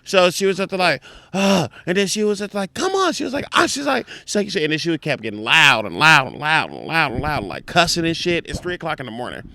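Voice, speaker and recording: A man's voice: quick pace, hardly any pauses, no room sound. A man, a comedian, telling a profane story in casual chat and acting out other people's voices. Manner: profane, animated, acts out other voices in high pitch. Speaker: comedian guest.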